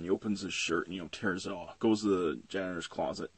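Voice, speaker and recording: A young man rambles through a comic book review, profane and loose, with a low, slightly husky voice. The recording is close and dry. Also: quick pace, no echo. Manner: rambling and profane, with many fillers.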